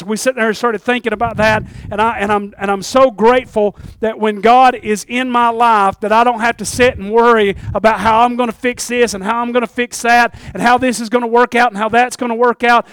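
A man preaching a sermon in an earnest, halting way, often repeating words and dropping low and quiet on tender lines. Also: fairly even intonation, clear, resonant tone.

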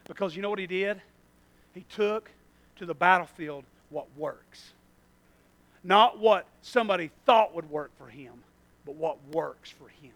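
A man preaching a sermon, emphatic and full of repeated phrases, moving from loud bursts to hushed asides. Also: high voice, moderate pace.

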